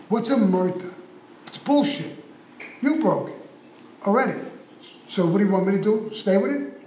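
A man's voice: high voice, a little mellow. An older man, telling blunt, profane, sarcastic stories as an interview guest. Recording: echoey room with faint noise.

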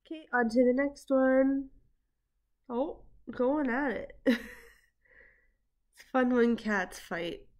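A woman's voice: sits high, slow, long pauses, darkish tone. A woman hosting a reaction video, talking casually with many fillers and frequent laughter. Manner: chatty, rambling, laughs often, many fillers.

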